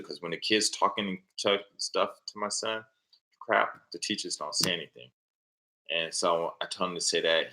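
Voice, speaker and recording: A middle-aged man, a father and teacher, telling rambling, animated stories in casual chat and laughing at his own anecdotes. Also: rumbling low, poor audio. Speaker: father, teacher living in Japan.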